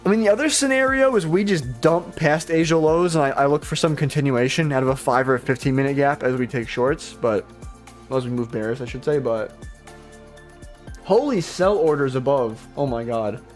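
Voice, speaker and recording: Speaking at a medium pitch and normal speed over soft background music, a young futures trader streams live. He rambles casually, swears frequently and takes jabs at himself.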